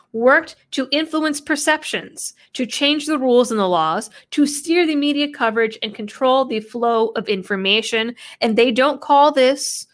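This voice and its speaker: A woman talks through an article on her own, reading out quotes and then answering them with skeptical, sarcastic asides. Her voice sits a little on the high side for a woman, and she keeps up a steady commentary. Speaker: political commentator. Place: New England background.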